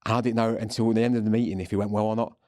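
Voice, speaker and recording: A man's voice: on the low side, fairly even intonation, rapid-fire, mellow. A man guest on a podcast, telling stories in a chatty, rambling way. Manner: chatty, rambling storyteller with many restarts. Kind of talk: casual chat.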